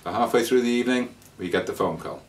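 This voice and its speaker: A man telling a casual travel anecdote, rambling and halting with fillers and restarts. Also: mid-range voice, far from the mic. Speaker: traveller sharing scam warnings.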